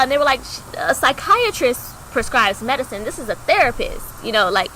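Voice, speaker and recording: Young woman, podcast co-host, casual storytelling, high-ish voice, vivid bright tone, acts out dialogue, lots of "like". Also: fairly quick, few pauses, a little hiss or hum, rough recording. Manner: animated, acts out quoted dialogue with big pitch jumps; chatty, heavy use of "like" fillers.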